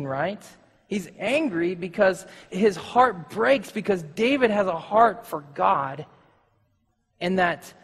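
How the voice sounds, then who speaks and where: A man's voice: high voice, breathy edge, in a large hall. A man preaching a sermon in a casual way, with joking asides, acting out the scenes. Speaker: pastor.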